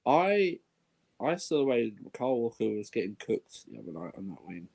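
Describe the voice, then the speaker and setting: A man's voice: mid-range voice, normal speed, vocal fry. A man with an everyday mid-range voice talks through his football picks in a casual chat. He rambles, doubles back and sighs as he goes. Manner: relaxed, rambling predictions.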